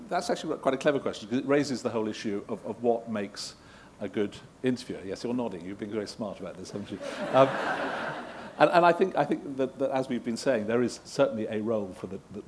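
A middle-aged man serving as guest interviewer at a live event answers audience questions with rambling, self-deprecating anecdotes and frequent chuckles. His medium-pitched voice is expressive, brisk and darkish in tone, with slight background noise.

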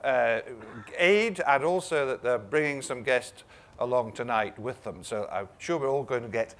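A man's voice: medium pitch, moderate pace, fairly bright tone. A man hosting an onstage interview, asking questions with light teasing and encouraging prompts. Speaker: interviewer, event host.

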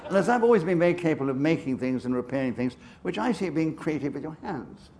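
An older man with a polished English upper-class accent tells stories on a festival stage. His voice sits fairly high, and his talk is chatty and self-amused, full of restarts and asides. A faint hiss lies under it. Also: expressive, fast talker. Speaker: guest author. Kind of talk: anecdotal storytelling on stage.

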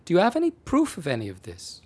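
A man reading aloud and voicing a weary, deadpan male policeman on the night desk in a storybook. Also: high voice, fast, husky, voice pushed up, heavily acted.

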